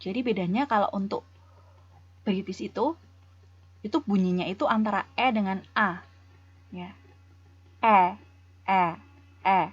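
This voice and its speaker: Woman, English teacher, breathy voice, muffled lo-fi audio. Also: mid-range voice, a little fast, pauses often. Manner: reads English examples then explains in Indonesian. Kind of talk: bilingual classroom lesson.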